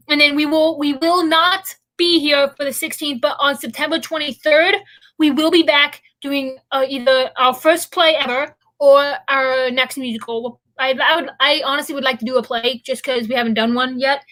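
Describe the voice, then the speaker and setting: Brief: young woman host, high bright voice, rambling casual stream chat. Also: fairly even intonation, moderate pace, rough recording. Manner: rambling, chatty, goes off on tangents.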